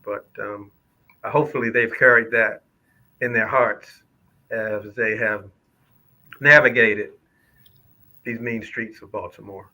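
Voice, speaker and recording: A man giving an earnest, slightly hesitant comment on a talk show, pausing with "um.". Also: on the low side, fairly even intonation, pushed and bright, low-quality recording.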